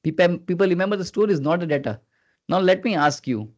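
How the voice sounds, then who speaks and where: A man runs a live online training session as a communication skills trainer, speaking fast in an earnest, coaxing way. He keeps prompting his listeners and deliberately swings his pitch up and down. The audio is dull, lo-fi video call sound from a video call microphone.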